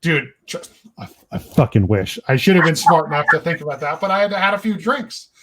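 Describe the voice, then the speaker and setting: A man's voice: a little high, sing-song, fairly quick, fairly bright tone, slight background noise. A young man hosting a podcast, telling a long story in a rambling, profane, laid-back way. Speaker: podcast host. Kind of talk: casual storytelling chat.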